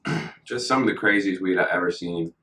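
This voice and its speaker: Young man, very low voice, relaxed slangy storyteller, roomy echo. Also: brisk. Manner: laid-back, slangy, laughs through stories. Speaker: podcast guest. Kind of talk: casual storytelling. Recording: echoey room.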